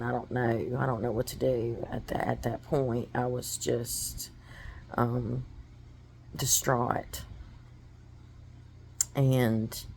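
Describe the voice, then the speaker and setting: A woman's voice: rumbling low, gravelly, a little hiss or hum. A woman giving a personal testimony, telling her story in an earnest, emotional way.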